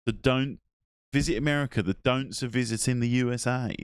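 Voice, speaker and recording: A man's voice: mid-range voice, fairly even intonation, moderate pace, smooth, no echo. A man streaming live, chatting casually to his viewers, rambling and swearing as he reacts. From England. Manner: swears, rambling, talks to chat.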